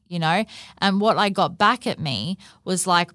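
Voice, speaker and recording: Low-voiced woman podcasting frankly. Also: moderate pace, a bit bright, dry recording, studio quality. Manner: frank and heartfelt, with swearing and frequent "like" and "you know". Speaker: podcast host. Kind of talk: candid solo podcast monologue.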